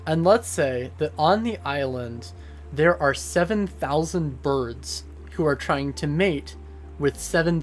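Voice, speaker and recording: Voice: mid-range voice, darkish tone. A streamer chatting casually with a live audience, goofy and rambling, with lots of fillers. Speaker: streamer answering chat. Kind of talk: casual livestream chat.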